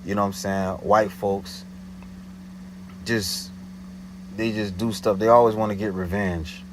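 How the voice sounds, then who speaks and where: Animated slangy man telling a story. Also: lowish voice, measured pace, noisy background. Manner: animated, slangy, repeats "you know what I'm saying". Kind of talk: casual storytelling.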